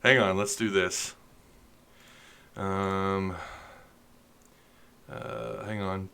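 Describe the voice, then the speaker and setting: Guy hosting a sports stream, bright sharp voice, jokey and rambling while he fixes his cam. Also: sits low, big pitch swings, extremely slow, creaky, smooth. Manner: joking, chatty, flustered by tech trouble. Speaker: sports podcast host. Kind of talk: casual livestream chat.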